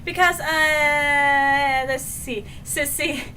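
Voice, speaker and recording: High, bright-voiced excitable woman reviewer. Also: extremely slow, a little hiss or hum. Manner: excitable, retells scenes with shouts and sound effects. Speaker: book reviewer. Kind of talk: casual book review recap.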